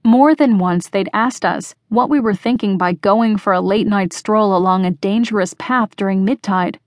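A woman narrates a first-person mystery audiobook in a measured, expressive voice. Her pitch sits in an ordinary middle range, and the recording is close and dry, with no room sound at all. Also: no room sound.

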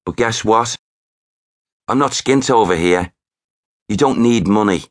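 A man's voice: fairly low pitch, measured pace, pitched above the performer's own voice, natural voice. A man voicing the cheeky spirit of a young man with a Scouse accent, in audiobook narration. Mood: rueful. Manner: cheeky, playful banter.

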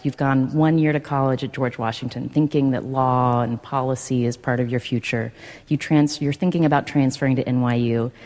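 Deep-voiced lady radio host, calm leading questions, bit of long reverb. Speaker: interview host. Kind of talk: radio interview.

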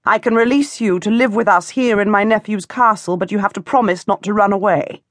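A woman's voice: medium pitch, brisk, no echo, clean studio sound, lightly acted. A woman voicing an elderly noble great-aunt in an audiobook, firm and authoritative. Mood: commanding. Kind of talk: audiobook character voice.

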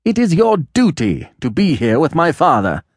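A man voicing an earnest younger brother who speaks higher and with tense insistence. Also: very animated, moderate pace, no room sound, clean studio sound. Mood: aggrieved. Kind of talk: audiobook character voice.

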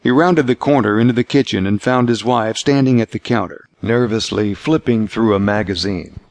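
A man reading scripted narration for an audiobook in a measured, steady way. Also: on the low side, no room sound.

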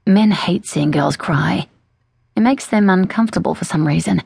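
A woman reading a first-person thriller audiobook in a measured, cool manner. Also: on the low side, creaky, darkish tone, slightly rough, dry recording, studio quality. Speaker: audiobook narrator. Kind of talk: scripted first-person narration.

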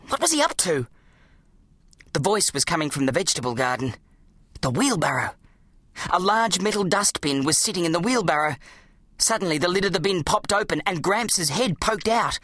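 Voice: medium pitch, animated, moderate pace, a bit bright, no echo. Audiobook narrator, dramatic children's story reading, dry close studio sound. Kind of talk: scripted narration of a children's book.

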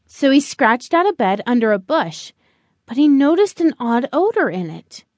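A woman narrating a children's picture-book audiobook in an expressive storytelling manner. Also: high-pitched, normal speed, no room sound.

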